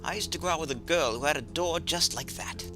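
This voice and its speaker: A man voicing a sardonic gentleman cat burglar in a put-on British accent, deadpan and wry, for a video game. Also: fairly high pitch, a little fast, over music, lightly acted. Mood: rambling. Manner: dry, deadpan, wry asides. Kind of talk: video game voice-over reading.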